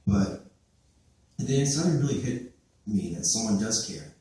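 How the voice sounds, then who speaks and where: A man's voice: on the low side, animated, measured pace, warm tone. A teenage boy giving a personal testimony at church, hesitant, with many fillers and restarts, recorded by a camera from far off. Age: late teens. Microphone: far camera recorded by his father. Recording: echoey hall from far off.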